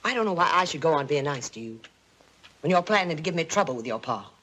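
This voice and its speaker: An actress playing an insinuating, scolding middle-aged aunt, in 1950s TV drama style. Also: female voice, sits low, animated, fast talker, a bit bright. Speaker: aunt Mildred. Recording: hissy old TV soundtrack.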